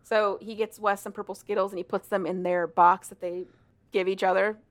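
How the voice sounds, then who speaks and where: Young adult woman, casual chat, animated retelling, mid pitch. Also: fairly quick. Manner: animated, acts out characters' lines with swearing and laughter. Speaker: podcast co-host.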